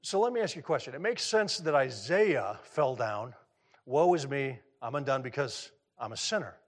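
A man's voice: medium pitch, sing-song, normal speed. A middle-aged man preaching a sermon in a conversational way, asking his listeners questions and often repeating words as he restarts. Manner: conversational, asks the audience questions. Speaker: pastor.

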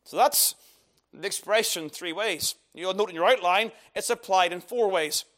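High-voiced man preaching a sermon. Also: normal speed, fairly bright tone. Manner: emphatic expository preaching, rhetorical questions.

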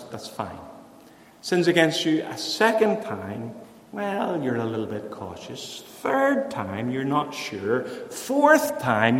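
A man preaching a sermon in an earnest way. He lifts his voice for emphasis and then drops to a hushed voice to tell a story. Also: high voice. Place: church. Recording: echoey church hall.

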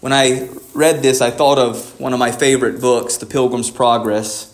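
A man as pastor, preaching a sermon, moving between low measured passages and emphatic raised lines. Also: fairly even intonation, echoey room.

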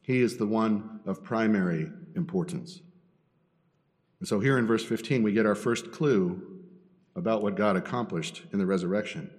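A man's voice: lowish voice, moderate pace. A man preaching a teaching sermon as pastor, posing rhetorical questions and building emphasis. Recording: long reverb in a hall.

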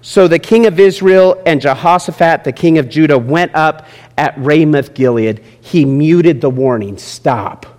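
A man preaching a sermon, moving between quiet asides and loud, emphatic points. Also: a little slow. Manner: animated preaching, swinging from low asides to shouted points. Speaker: pastor. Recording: long hall reverb.

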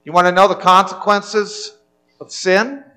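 Male pastor with a high voice, earnest sermon delivery. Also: fairly even intonation, a little slow, bright, forceful tone, clean tone, low-quality recording. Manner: earnest preaching, repeats words when restarting.

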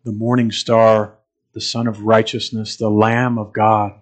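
A man preaching a sermon as a pastor, earnest and measured, pausing and repeating phrases, building to emphatic stretches. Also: fairly low pitch, little pitch movement.

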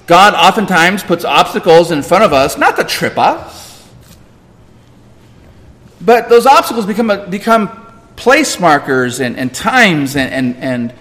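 A male pastor preaches with a high voice that leaps across a wide range. He hammers points home by repeating phrases and quizzing the congregation. His voice rings out in a church with a long reverb. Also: sing-song, measured pace, fairly bright tone. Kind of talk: sermon.

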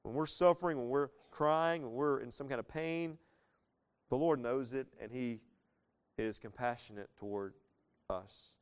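A man in his thirties preaches through a passage in an easy, conversational way. His voice is smooth and resonant, sitting at an ordinary middle pitch. He talks casually but earnestly, rising into sudden bursts of emphasis. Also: unhurried. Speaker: pastor. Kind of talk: conversational verse-by-verse sermon.

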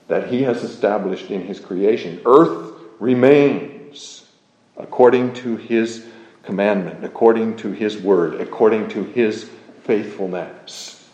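Guy preaching real slow and mellow, repeats stuff for emphasis, echoey muffled recording. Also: lowish voice. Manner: slow, measured, emphatic with repetitions. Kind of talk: sermon on a psalm.

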